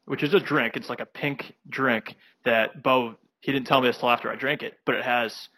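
Young guy rambling thru a story on a podcast, bright punchy voice, dead dry sound. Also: medium pitch, steady tone, moderate pace, no room sound. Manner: rambling, filler-heavy anecdotes. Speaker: podcast co-host. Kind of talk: casual storytelling chat.

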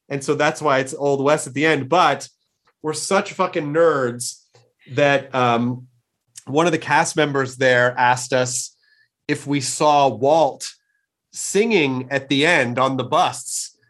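This man hosts a relaxed interview chat, voice sitting slightly on the high side. He talks eagerly, rambling and restarting sentences as his thoughts run ahead. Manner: enthusiastic, rambling, frequent restarts. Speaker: podcast host.

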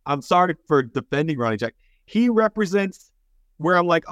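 A man's voice: on the high side, very animated, moderate pace, fairly bright tone, dry recording. A man talks as a guest on a political podcast. His delivery is wry and sardonic, and he laughs often. The recording is dry and close-miked. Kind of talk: casual political chat.

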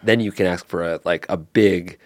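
A man co-hosting an advice podcast, talking casually and joking through quick asides. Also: low voice, steady tone, no room sound. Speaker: podcast co-host.

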